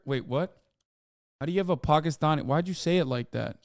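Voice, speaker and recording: A male streamer in casual commentary, riffing sarcastically and swearing freely. His voice sits a bit high and comes through smooth and clean. The sound is dry and close. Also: fairly quick, no echo. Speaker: streamer host.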